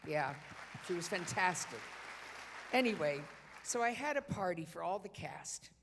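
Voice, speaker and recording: A woman's voice: on the low side, animated, unhurried, crowd noise. A woman spins a chatty, self-mocking story from a big theater stage, stopping and restarting as she goes. Her voice rings with the long reverb of the hall over a faint background hiss. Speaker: guest storyteller at a benefit concert. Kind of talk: live on-stage anecdote.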